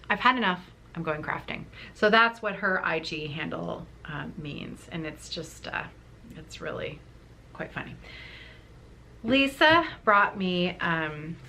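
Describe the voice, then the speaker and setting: A woman's voice: on the low side, sharp tone. A woman hosting a needlework vlog, telling stories in a rambling, chatty way with many restarts. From Canada. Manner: rambling storytelling with frequent restarts and laughs. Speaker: flosstube host.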